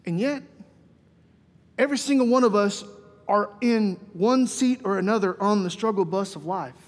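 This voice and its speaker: In a reverberant church sanctuary, a high-voiced male pastor delivers a sermon at normal speed. He moves from hushed, gentle passages into lively, raised mock dialogue, and the hall adds a long reverb.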